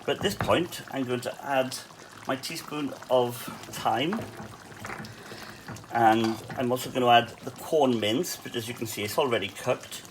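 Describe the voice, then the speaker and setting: Here a cafe cook from Wales hosts an easygoing cooking tutorial at home, explaining a recipe with plenty of chatty asides and fillers. His medium-pitched voice takes its time, and there is noise in the background.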